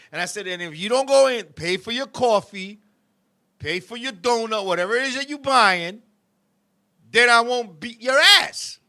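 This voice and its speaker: A man's voice: sits high, pushed and bright. A middle-aged man hosting a live-stream talk show, telling a story in a heated, profane way and talking to his co-host and viewers.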